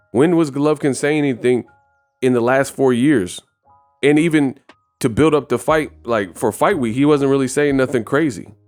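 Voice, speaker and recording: A man hosting a casual boxing news channel, giving animated, emphatic commentary and repeating words for stress. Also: mid-range voice.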